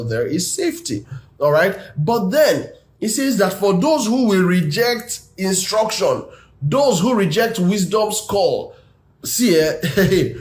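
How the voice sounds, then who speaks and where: A man coaching on relationships during a live stream, earnest and preacher-like, reading scripture with rising emphasis. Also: fairly high pitch.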